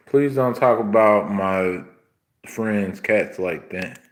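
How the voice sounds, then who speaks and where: A man's voice: fairly low pitch, takes it slowly, roomy sound. A young man hosting a livestream, indignantly scolding a viewer in the chat with repeated questions. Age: young adult. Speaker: livestream host.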